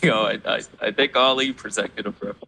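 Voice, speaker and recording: Bright-voiced laid-back young man. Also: lowish voice, steady tone, moderate pace, gravelly. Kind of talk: casual chat.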